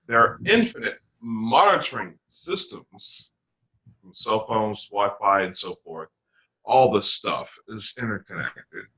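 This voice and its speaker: A man hosting a talk show, speaking in a hesitant, deliberate way with many ums. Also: fairly low pitch, pushed and bright, poor audio. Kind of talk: casual talk show chat.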